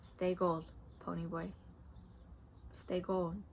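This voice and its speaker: A woman reading aloud the lines of a weak, dying teenage boy, soft and faint. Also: on the low side, little pitch movement, takes it slowly, creaky, slight background noise.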